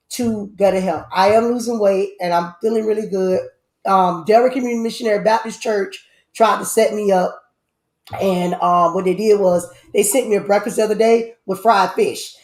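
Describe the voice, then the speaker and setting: Animated woman, echoey room. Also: medium pitch. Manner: animated, loud outbursts, repeats herself. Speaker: host. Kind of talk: casual live-stream chat.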